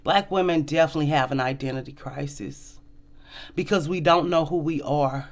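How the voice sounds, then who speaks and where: A woman hosting a casual commentary vlog, talking bluntly and profanely, and acting out quoted people with big jumps in pitch. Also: moderate pace. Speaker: host.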